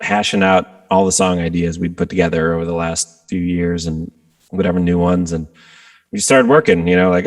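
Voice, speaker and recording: A man, a guest rock guitarist, telling stories in a casual interview and acting out quotes with sudden jumps in pitch. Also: moderate pace. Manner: animated storyteller, acts out quotes with jumps in pitch.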